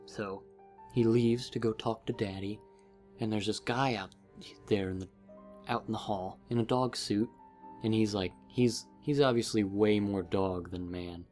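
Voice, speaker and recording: A man's voice: on the low side, a little slow, a little mellow, faint music behind. A man rambling casually through a book recap as a vlogger, with many fillers.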